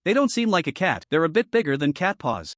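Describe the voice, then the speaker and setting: A man's voice: a little high, sing-song, brisk, a bit bright, dry recording, studio quality. A man voicing a reincarnated man now living as a little panda, speaking with eager wonder. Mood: curious.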